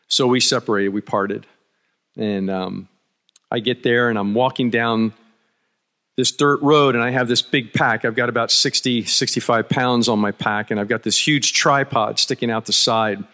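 A man's voice: mid-range voice, fairly even intonation, normal speed, pushed and bright. A man from Philadelphia giving a conference talk, telling a travel story with wry humor and frequent restarts. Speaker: conference speaker. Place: conference hall. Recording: long hall reverb.

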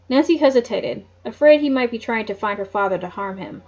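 A woman reads a mystery novel aloud at home and breaks off for chatty, joking asides. Her voice sits fairly high. The recording is dull and lo-fi, like a home microphone. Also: animated, a little fast, darkish tone. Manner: chatty asides, laughs at the story. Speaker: narrator. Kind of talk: reading a book aloud.

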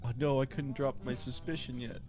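A man's voice: mid-range voice, steady tone, brisk, a little mellow, soft background music. A man in casual chat during a group game, pleading and defending himself.

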